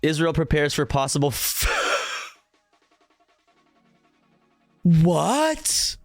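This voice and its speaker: A man's voice: on the high side, big pitch swings, drawn-out words, no room sound, faint music behind. A young man streaming live, laughing in disbelief, swearing and reading headlines and chat comments aloud.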